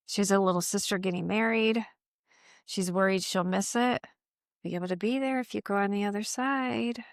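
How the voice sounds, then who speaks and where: Psychic lady walking a graveyard, gentle coaxing voice, dry close sound. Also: medium pitch, moderate pace, no echo. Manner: earnest, gentle, talks to unseen spirits in a coaxing voice. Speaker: psychic medium and energy healer. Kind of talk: casual talk during a graveyard walk. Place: outdoors in a cemetery by a road.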